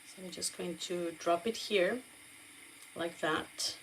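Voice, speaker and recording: Cooking vlogger, woman, Portuguese accent, lowish voice, chatty, checks in with viewers, faint kitchen noise behind. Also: steady tone, takes it slowly, poor audio. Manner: chatty, warm asides to viewers, frequent "okay?" check-ins. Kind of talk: casual cooking demonstration. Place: home kitchen.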